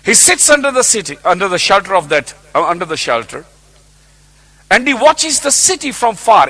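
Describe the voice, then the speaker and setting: Preacher guy, high voice, bouncy and animated, acts out the bible story. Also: normal speed, breathy edge. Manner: animated storytelling, acting out the characters. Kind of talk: sermon on a Bible passage.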